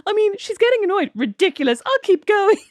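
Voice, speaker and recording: A woman's voice: very high-pitched, very animated, brisk, a little mellow, no echo, clean studio sound. A woman in her thirties co-hosting a podcast, telling a family story with lots of laughter. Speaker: podcast co-host. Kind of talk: casual chat.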